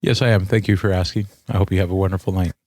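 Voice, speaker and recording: A man co-hosting a casual comedy podcast, trading crude deadpan insults. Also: low-pitched, rapid-fire, no echo. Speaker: podcast co-host.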